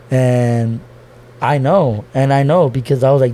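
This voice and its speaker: A young man with a medium-pitched, dark voice speaks at a measured pace and steady tone as a podcast guest. He talks about his family with loose, emotional slang, constantly saying "bro," swearing and restarting, in a casual heartfelt conversation. Slight background noise is audible.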